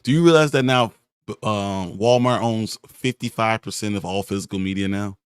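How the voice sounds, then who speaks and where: Man, chatty storyteller, low voice, dry sound. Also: moderate pace, clear, resonant tone, dry recording. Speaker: co-host of a live show. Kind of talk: casual live-stream chat.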